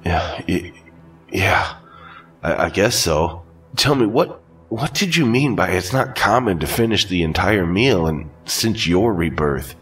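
A man's voice: deep voice, lively intonation, a little slow, a bit bright, soft background music, pitched above the performer's own voice. A man doing a strained, stammering, ravenous young man. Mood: shaken. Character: newly turned young man, ravenous and shaken.

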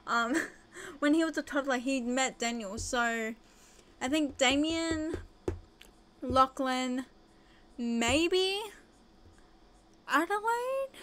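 A woman casually narrating her own life-sim game, gushing and excitable with frequent gasps and squeals. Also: high-pitched, drawn-out words, long pauses. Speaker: gaming video host. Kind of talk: casual let's-play commentary.

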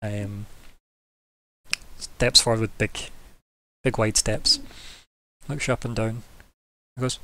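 A man's voice: fairly low pitch, steady tone, slow, long pauses, bright, forceful tone. A man narrating a tabletop game as game master, loose and rambling with many fillers.

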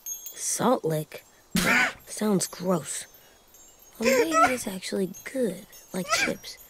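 A woman's voice: mid-range voice, wildly swooping pitch, extremely slow, background noise, full character voice. A woman voicing a curious, blunt young boy who asks lots of questions.

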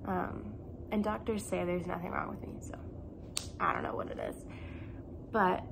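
Hoarse young woman with a gravelly voice. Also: fairly low pitch, steady tone, moderate pace, background noise. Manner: rambling, filler-heavy, slips into soft whispery phrases. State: losing her voice, unwell. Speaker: crochet vlogger. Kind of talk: casual vlog chat.

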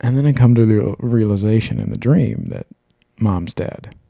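A man's voice: on the low side, huge pitch swings, normal speed, creaky, mellow, no room sound. A man co-hosting a podcast, telling a long personal story in casual chat, rambling and swearing freely. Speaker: podcast co-host.

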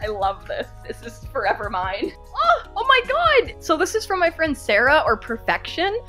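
A woman's voice: a little high, very animated, moderate pace, fairly bright tone, faint music behind. A woman in a casual unboxing vlog, gushing with gasps and exclamations as she opens fan mail. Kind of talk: excited unboxing chat.

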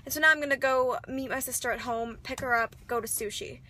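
High, bright-voiced young woman vlogging. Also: brisk, slight background noise. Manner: rambling, chatty, dramatic. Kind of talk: casual vlog chat.

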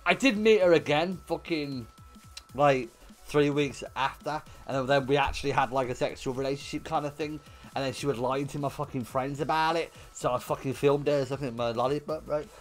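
A young man livestreaming, telling a story to his chat in an animated way with lots of swearing and bursts of laughter. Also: medium pitch, normal speed, faint music behind. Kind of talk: casual storytelling to stream chat.

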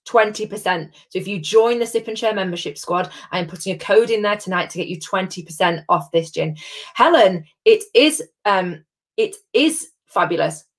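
A woman's voice: medium pitch, expressive, moderate pace. A woman hosts a live-streamed tasting from home. She chats in a bubbly way and greets viewers by name. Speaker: host of a live gin tasting.

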